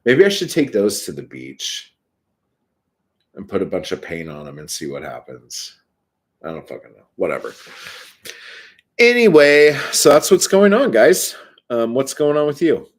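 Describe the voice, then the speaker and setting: A man's voice: low voice, huge pitch swings, moderate pace, breathy edge. A man casually telling a story in a vlog, swearing often and rambling with many fillers and asides. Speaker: vlogger.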